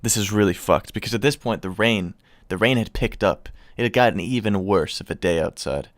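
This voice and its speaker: A man's voice: on the low side, a little fast, dry recording, clean studio sound. Rambling, profane young man telling a story. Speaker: vlogger. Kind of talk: casual storytelling.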